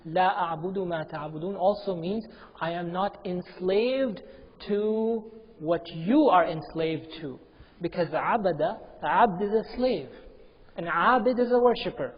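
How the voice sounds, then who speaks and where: A man's voice: sits high, slightly rough. A man giving a Quranic commentary lecture in a mosque, emphatic and repeating key phrases, chanting Arabic verses between explanations. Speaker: religious teacher. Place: mosque prayer hall. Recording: dull lo-fi with long hall reverb.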